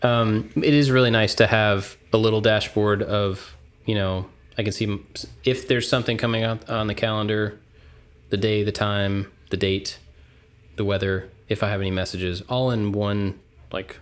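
A man with a lowish voice talks casually with a friend on a podcast. He is easygoing and reflective, working through his thoughts as he speaks. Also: level tone, normal speed. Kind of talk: casual chat.

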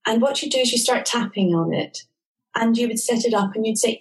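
A woman calmly and gently explaining a tapping technique step by step in an interview. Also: fairly high pitch, a little fast, low-quality recording. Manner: calm, gentle instructional talk. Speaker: tapping therapy practitioner.

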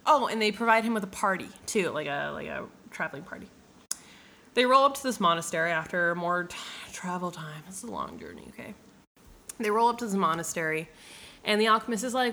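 A young woman casually retelling a book in an animated, profane way, full of fillers and asides. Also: fairly low pitch, a little fast, vocal fry. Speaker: book summarizer.

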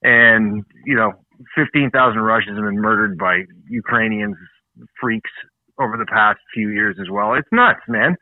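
A man's voice: fairly low pitch, normal speed, dry recording. A man from Canada co-hosting a casual talk show, ranting bluntly and swearing freely. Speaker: podcast co-host. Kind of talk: casual chat. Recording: tinny phone-like line.

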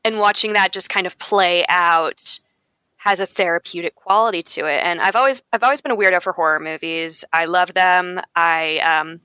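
Woman podcast guest, articulate, wordy, bright voice, dry close sound. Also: on the low side, normal speed, clean tone, dry recording. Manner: articulate, wordy, playfully dramatic. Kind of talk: casual podcast chat.

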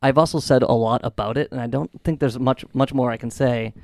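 A man co-hosting a podcast, chatting in a relaxed way and posing trivia questions. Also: medium pitch, fairly quick, creaky, dry recording, studio quality. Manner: relaxed, laughs along, quizzes the others. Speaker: podcast co-host. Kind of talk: casual chat.

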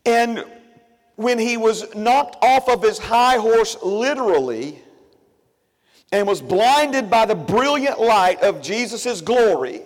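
Very high-voiced preacher, reverberant church. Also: male voice, lively intonation, slow. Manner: conversational, with many asides and fillers; builds emphasis by repeating phrases. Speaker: pastor. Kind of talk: sermon. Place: church sanctuary. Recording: long reverb of a church hall.

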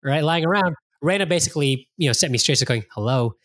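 A man hosting a casual podcast chat, talking with animated energy, swearing freely and acting out his own reactions. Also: fairly high pitch, quick pace, no echo. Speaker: podcast host.

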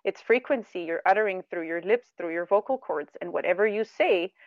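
A woman's voice: fairly low pitch, brisk, dry recording. Earnest middle-aged woman, muffled radio sound. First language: not English. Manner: earnest, animated, laughs at herself. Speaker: guest, meditation teacher. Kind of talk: reflective spiritual conversation.

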